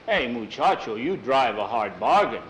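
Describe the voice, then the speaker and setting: A man's voice: mid-range voice, big pitch swings, moderate pace, a bit bright, slight background noise, low-quality recording. Man doing a coaxing rancher. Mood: grudging. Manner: coaxing, calls others muchacho.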